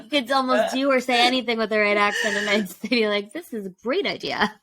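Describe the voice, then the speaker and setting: A woman's voice: fairly high pitch, a little fast, fairly bright tone, low-quality recording. A woman co-hosting a podcast in a casual chat, chatty and laughing often. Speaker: podcast co-host.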